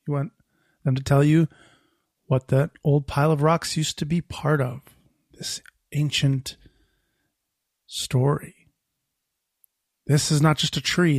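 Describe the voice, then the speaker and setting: A man's voice: mid-range voice, gravelly. A man hosting a podcast, telling a reflective monologue in a conversational way, laughing now and then. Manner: conversational, laughs often, lively shifts in emphasis. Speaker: podcast host.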